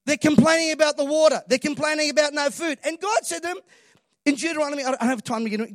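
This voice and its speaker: A man's voice: extremely high pitch, racing, no echo, clean studio sound. A man preaching a sermon, emphatic and calling on the congregation to respond. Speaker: pastor.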